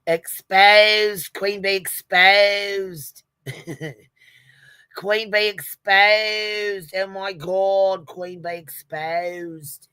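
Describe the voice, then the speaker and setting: A woman putting on a slow mock-posh British drawl. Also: lowish voice, fairly even intonation, a little mellow, smooth, no echo. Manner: slow, drawn-out, sing-song.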